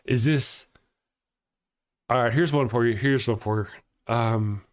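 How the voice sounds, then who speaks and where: A man's voice: medium pitch, moderate pace, clear, resonant tone. A man hosting a casual livestream show, reading viewer comments aloud, joking and laughing often as he rambles and restarts his sentences. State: has a headache. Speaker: host of an atheist morning show.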